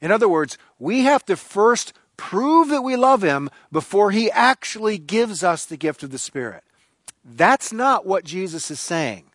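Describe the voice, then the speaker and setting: A man's voice: sits high, big pitch swings, a little slow, fairly bright tone, dry recording. A man preaching a sermon, emphatic and repeating key phrases for stress. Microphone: recorded for online viewers.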